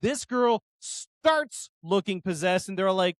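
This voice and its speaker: A man co-hosting a casual podcast, animated and laughing often as he acts out scenes. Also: high-pitched, a little slow, no echo. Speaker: podcast co-host.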